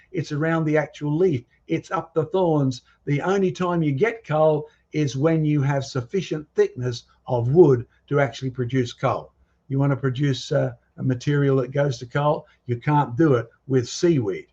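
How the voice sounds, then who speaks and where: A man's voice: mid-range voice, darkish tone. A man giving an emphatic creationist presentation, challenging his audience with questions. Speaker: creationist speaker. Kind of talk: presentation lecture. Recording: muffled lo-fi recording.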